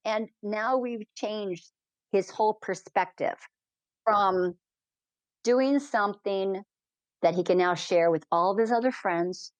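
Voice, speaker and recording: A woman balloon pilot telling heartfelt stories as a guest in an interview, animated and quick in bursts. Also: medium pitch, no room sound. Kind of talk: emotional storytelling in a podcast interview.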